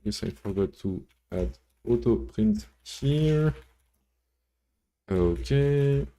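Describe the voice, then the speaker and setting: Slow, very dark-voiced man streaming code. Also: mid-range voice, lively intonation. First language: French. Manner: rambling, swears casually, chats with viewers between code steps. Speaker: coding livestreamer. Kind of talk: casual live-coding stream, thinking aloud.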